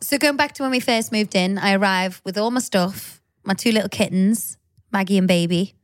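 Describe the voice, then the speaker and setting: A woman's voice: medium pitch, normal speed, no room sound. A woman, co-hosting a podcast and telling stories in a blunt, teasing way. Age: 30s. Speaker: podcast co-host. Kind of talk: casual chat.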